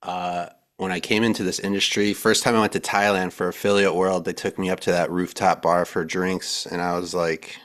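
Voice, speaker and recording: A man's voice: deep voice, flat delivery, normal speed, few pauses, fairly bright tone. A man hosting a podcast in casual, joking banter, playful and sometimes profane. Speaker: podcast host.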